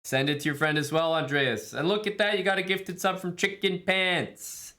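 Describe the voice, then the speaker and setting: A man's voice: high voice, steady tone, normal speed, sharp tone. A man streaming live, chatting casually with viewers and thanking them, laid-back and jokey. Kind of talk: casual stream chat, reading viewer messages.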